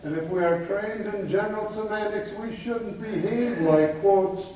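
A man's voice: high voice, normal speed, warm tone. A man giving a lecture, telling jokes and anecdotes in an easy storytelling way. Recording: echoey room from far off.

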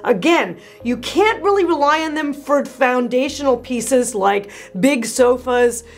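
A woman interior designer hosting a review vlog, gushing and animated, with lots of excited exclamations. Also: high voice, measured pace. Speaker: interior designer and channel host. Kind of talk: enthusiastic product review vlog.

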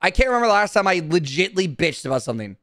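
A man's voice: high-pitched, very animated, rapid-fire, fairly bright tone, no echo, studio quality. A young man streaming casually, talking to his chat in a brash, profane, defensive way.

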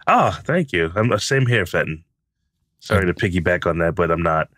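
Male co-host, deep, bright-edged voice, lively and teasing. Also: moderate pace, dry recording, clean studio sound. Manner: upbeat, teasing and warmly enthusiastic. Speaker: podcast co-host. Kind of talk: casual conversational podcast chat.

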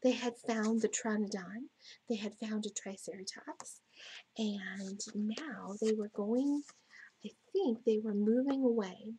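A woman teacher reading a storybook aloud to children, slow and gentle, often dropping to a whisper. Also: mid-range voice, slight background noise.

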